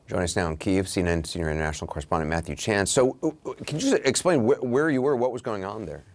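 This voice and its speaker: A male news anchor conducting a live interview, brisk and probing. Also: fairly low pitch, no room sound.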